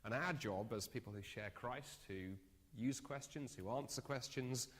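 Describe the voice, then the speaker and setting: A man leads a training session, spinning a vivid story with dry, self-mocking humor. His voice sits at an ordinary middle pitch. A long hall echo hangs on his words. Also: unhurried. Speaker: speaker. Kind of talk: evangelism training talk. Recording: echoey hall sound.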